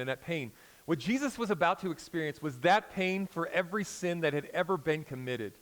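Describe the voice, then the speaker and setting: An American man in his forties preaching a sermon in a conversational storytelling way, swinging between loud emphasis and quiet intensity. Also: a little high, expressive, fast, rough recording. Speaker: pastor.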